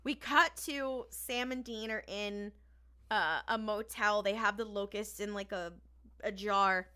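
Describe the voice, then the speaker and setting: Woman podcast co-host, bright and clear, casual animated recap. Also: mid-range voice, unhurried. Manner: animated retelling with quoted lines.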